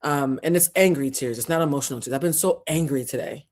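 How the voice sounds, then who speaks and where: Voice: medium pitch, fast, a little mellow. A show host giving impassioned commentary to camera, fiery and profane, preaching with repeated phrases while close to tears. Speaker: host of a culture and tarot channel.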